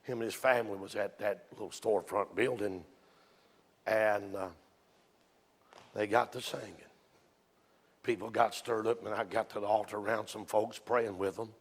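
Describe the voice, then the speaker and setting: A man preaching a sermon in a church, telling folksy stories that rise into excited shouts. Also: lowish voice, moderate pace, pauses often. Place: church sanctuary. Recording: long reverb from a church hall.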